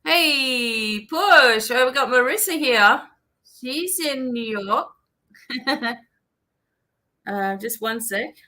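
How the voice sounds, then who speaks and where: An Australian woman in a relaxed live stream, greeting viewers by name between unhurried fillers. Her voice sits a bit high and rings bright, and she takes her time over every phrase. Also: low-quality recording. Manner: chatty, reads out viewer names and places, drawn-out fillers. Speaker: psychic reader hosting a live stream.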